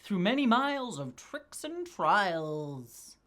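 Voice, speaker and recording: A woman putting on a theatrical witch voice, slow and drawn out in a sing-song way, pitched well above her usual voice. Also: big pitch swings, fairly bright tone. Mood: playful. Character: theatrical cackling female witch.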